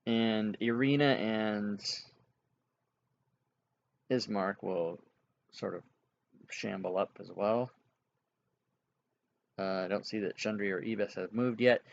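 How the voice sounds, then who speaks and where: A man's voice: on the low side, gravelly. Hesitant male game master, muffled. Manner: halting, filler-heavy, chuckles at players. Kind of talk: narrating a tabletop game.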